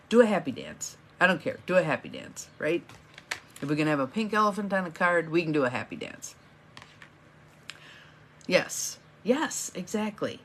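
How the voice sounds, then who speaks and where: A middle-aged woman with a slightly low voice talks viewers through her live morning coaching stream. She is chatty and encouraging and welcomes each viewer by name as they join. A faint hum of room ambience sits under her voice. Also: very animated, moderate pace, long pauses, a bit bright. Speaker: empowerment coach hosting a live morning session.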